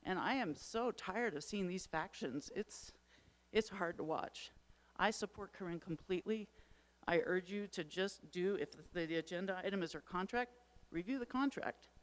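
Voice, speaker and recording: A woman's voice: lowish voice, moderate pace. Frustrated woman making a public comment. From Wisconsin. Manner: frustrated, emotional and urgent. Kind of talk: public comment at town meeting.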